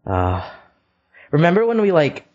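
A man's voice: on the high side, wildly swooping pitch, measured pace, darkish tone, lo-fi sound. A teenage boy co-hosting a casual podcast, laid-back and joking with short replies. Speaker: podcast co-host. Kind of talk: casual chat.

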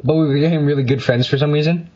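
A man's voice: a little high, fairly even intonation, fast talker, darkish tone, slightly rough, dull audio. A teenage boy co-hosting a podcast, telling a rambling story with lots of fillers and laughs. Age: teens. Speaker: podcast co-host. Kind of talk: casual chat.

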